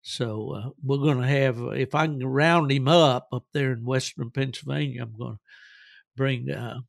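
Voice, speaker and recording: A man hosts a podcast, spinning rambling, folksy stories and chuckling as he goes. His voice is gravelly and sits at an ordinary pitch. It is recorded close and dry. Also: fairly even intonation, moderate pace, no echo. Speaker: podcast host. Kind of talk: casual storytelling.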